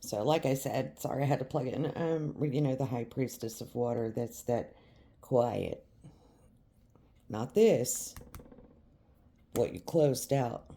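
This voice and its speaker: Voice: medium pitch, takes it slowly, long pauses, warm tone. A tarot reader giving a reading straight to the viewer, emphatic and repetitive. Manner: emphatic and repetitive, speaking directly to the listener.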